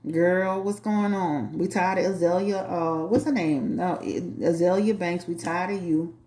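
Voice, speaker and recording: A woman's voice: lowish voice, steady tone, a little slow, mellow, roomy sound, slight background noise. Blunt, sassy New Orleans woman. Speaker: tarot reader and channel host. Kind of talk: casual talk to a live chat.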